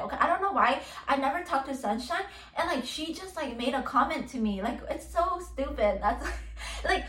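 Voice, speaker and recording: Ranting on her podcast, a young woman fills her casual monologue with curses and filler words. She has a high, slightly bright voice. She sits some distance from the microphone, so the room echo comes through clearly.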